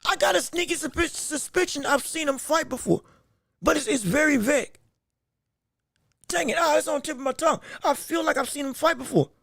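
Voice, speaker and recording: Male podcast host, solo talk, excitable and rambling, repeats himself, slightly hoarse strained voice, dry close sound. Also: very high-pitched, brisk, no room sound.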